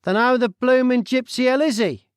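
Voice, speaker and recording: A man voicing a nosy, brash Cockney man with loud, blunt, slangy talk, in an audiobook. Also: extremely high pitch, normal speed, clear, resonant tone, dry recording, studio quality, pitched above the performer's own voice.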